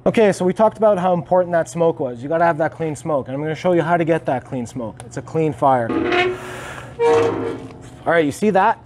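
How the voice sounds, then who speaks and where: Male barbecue host, slightly high voice, confident coaching tone, recorded outdoors on location. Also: animated, a little fast. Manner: confident, coaching, speaks straight to viewers. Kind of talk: hands-on cooking tutorial. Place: outdoors beside an offset smoker.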